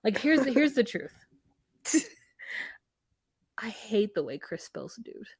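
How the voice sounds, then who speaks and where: A woman co-hosting a casual podcast, retelling scenes with lively quoted voices. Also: on the high side, slow pace, breathy edge, no room sound. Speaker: podcast co-host recapping a reality show. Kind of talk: casual chat.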